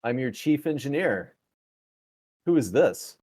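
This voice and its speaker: A man's voice: mid-range voice, lively intonation, mellow, husky, voice pushed up. A man doing a pompous, boastful chief engineer. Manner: grandiose, slow and boastful. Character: pompous, self-important male chief engineer.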